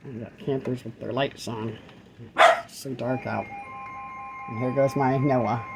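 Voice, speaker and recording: A woman's voice: very deep voice, steady tone, unhurried, creaky, over loud music, low-quality recording. A woman, vlogging casually from her RV during a storm and soothing her pets as gusts hit. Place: in an RV during a windstorm. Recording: wind and rain noise behind.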